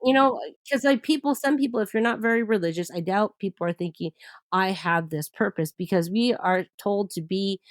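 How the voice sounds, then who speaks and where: A woman guest telling a personal story in an interview, animated and often laughing as she talks. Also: mid-range voice, fairly quick, dry recording.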